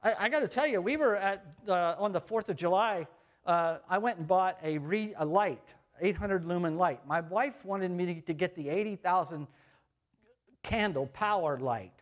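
High-voiced, chatty male pastor. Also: moderate pace. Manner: chatty storytelling, animated swings in loudness. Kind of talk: sermon with personal stories. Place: church sanctuary.

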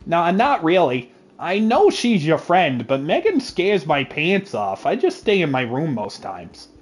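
A man voicing Chug, a slow, dim young male friend in a game, with a drawling, sleepy delivery. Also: a little high, wildly swooping pitch. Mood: mopey.

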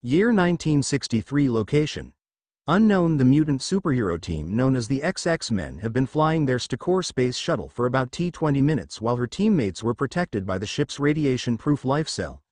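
A man reading scripted fan-fiction narration in a steady read-aloud way. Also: mid-range voice, normal speed, no echo.

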